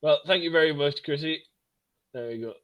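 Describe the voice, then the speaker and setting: A man's voice: a little high, brisk, fairly bright tone. A man hosting a podcast, wrapping up with rambling, jokey repeated thanks. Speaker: podcast host. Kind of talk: casual chat.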